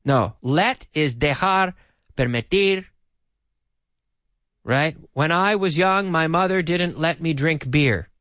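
A man teaching English on a radio show, repeating each sentence slowly for learners in an animated way. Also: fairly high pitch, dry recording, clean studio sound. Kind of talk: radio language lesson.

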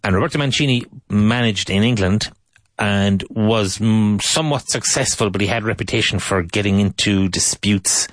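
A very low-pitched man teaches English over the radio in a loose, chatty way, wandering off topic and restarting his sentences. He drills each vocabulary word slowly, several times over. The voice is close and dry, with no room sound. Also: no room sound. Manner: rambling and chatty, with frequent restarts; slow, repeated drilling of vocabulary words. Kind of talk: casual radio English lesson.

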